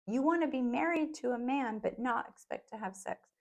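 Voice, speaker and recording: A woman's voice: on the high side, normal speed. A woman co-hosting a podcast with her husband, speaking frankly and matter-of-factly with emphatic rhetorical questions. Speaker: podcast co-host. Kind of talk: casual chat with her husband.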